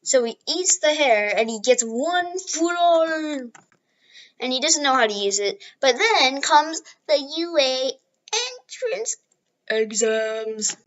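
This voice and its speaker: A woman casually telling an improvised fan story, rambling along with frequent restarts and quick apologies. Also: high voice, expressive, a bit bright, muffled recording.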